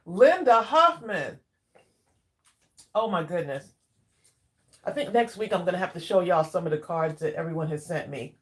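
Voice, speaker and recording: A woman hosting a casual craft livestream, chatting warmly with viewers by name and drawing out her exclamations while she eats. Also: on the low side, expressive, moderate pace, pauses often. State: eating while talking. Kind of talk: casual live chat with viewers.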